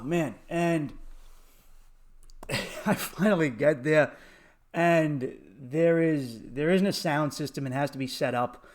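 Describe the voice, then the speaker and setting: A man hosting a comedy podcast, telling a profane story with lots of laughter and acted quotes. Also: on the high side.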